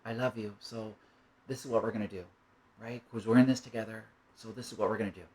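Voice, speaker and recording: A man playing a loving, patient parent who speaks in a hushed, soothing voice. Each line is calm and reassuring, delivered within a spoken story. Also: fairly low pitch, fast, husky.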